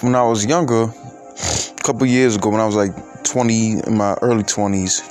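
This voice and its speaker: A man of twenty-eight telling a personal story in a halting, reflective way, with many fillers and restarts. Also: lowish voice, fairly even intonation, a little mellow, soft background music. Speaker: podcaster.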